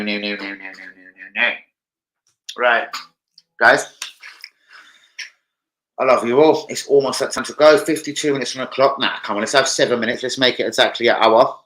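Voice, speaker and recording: On a casual football fan livestream, a young man with a lowish, slightly bright voice rambles and swears while reading out the chat. The audio quality is poor.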